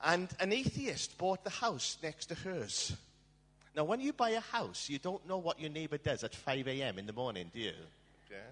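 Man preaching, animated storytelling, lively pitch, long hall reverb. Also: normal speed. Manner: animated storyteller, asks the audience questions. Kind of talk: sermon with storytelling.

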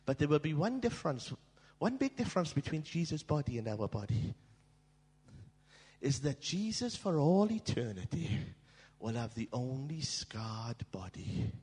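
A man preaching a storytelling sermon in a church, dramatic and swinging from hushed tones to shouting. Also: a little high, big pitch swings, measured pace, husky. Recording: long hall reverb.

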